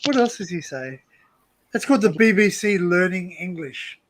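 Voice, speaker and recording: A man's voice: sits high, expressive, measured pace, a bit bright. An Australian man hosting a livestream in casual chat, teasing his friends and laughing often. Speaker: livestream host.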